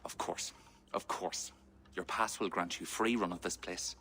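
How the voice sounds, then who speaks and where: A woman's voice: extremely low pitch, fairly even intonation, a little slow, fairly bright tone, in a large hall, a little hiss or hum. An actress playing a stern, impatient Irish noblewoman with a clipped, firm delivery, in video game dialogue.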